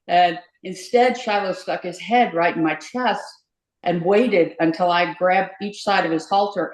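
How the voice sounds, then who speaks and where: An older woman with a lowish voice tells stories in an easygoing way and laughs often. Her voice rings in a roomy, echoey space. She is a podcast guest chatting casually. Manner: warm storytelling, laughs easily. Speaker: podcast guest, endurance rider. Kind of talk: casual interview chat. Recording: echoey room.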